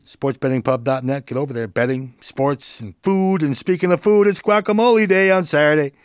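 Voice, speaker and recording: A man's voice: a little high, a little fast, clear, resonant tone, no room sound, clean studio sound. A man hosting a casual solo podcast, laid-back and joking, chuckling now and then as he talks. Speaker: podcast host.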